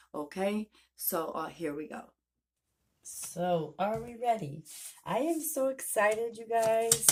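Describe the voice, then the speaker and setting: A woman, a YouTuber and self-published author, chatting through an excited unboxing vlog on her phone camera and gushing often. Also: mid-range voice, background noise. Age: adult with a daughter. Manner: gushing and excitable, repeats "oh my gosh". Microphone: phone camera held by hand.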